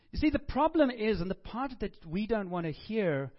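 A man's voice: high voice, very animated, brisk, lo-fi sound. A middle-aged man, a pastor, giving a chatty, joking sermon in a conversational way.

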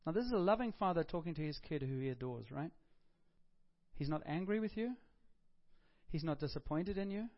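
Conversational preacher man, slightly high voice. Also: lively intonation, brisk, long pauses, highs cut off. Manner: conversational preaching with emphatic rises. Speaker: pastor. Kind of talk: sermon.

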